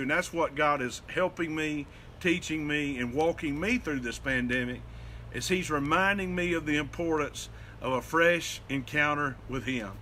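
A middle-aged pastor from the Southern United States preaches a short devotion, earnest and folksy. His voice is bright and forceful, sitting a bit high for a man. A faint hiss runs under the recording. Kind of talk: devotional sermon.

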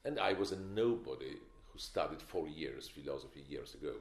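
A man's voice: rumbling low, lively intonation, a little fast. An older man giving a film masterclass, opinionated and emphatic, with wry stories. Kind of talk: masterclass lecture. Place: lecture hall. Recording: echoey lecture hall.

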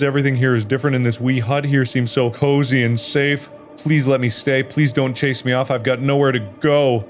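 A man voicing a huge mutated masked boy who pleads softly to be allowed to stay. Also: mid-range voice, a little hiss or hum, natural voice. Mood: pleading. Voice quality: distorted, resounding childlike voice.

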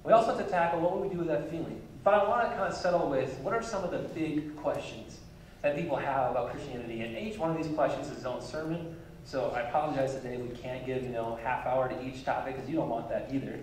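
A man's voice: medium pitch, fast talker, a little hiss or hum. A man preaching a sermon as pastor, conversational and easygoing, with light chuckles between his points. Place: church sanctuary. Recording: echoey church hall from far off mic.

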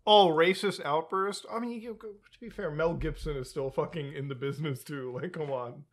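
Podcast co-host, man, high voice, animated, foul-mouthed, laughs mid-sentence. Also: moderate pace. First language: Hindi. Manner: animated, swears a lot, laughs while talking. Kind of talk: casual chat.

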